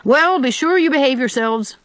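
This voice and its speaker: A woman's voice: high voice, animated, normal speed, fairly bright tone, no room sound, voice pushed up. A woman voicing a bossy older village woman who scolds severely. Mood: scolding.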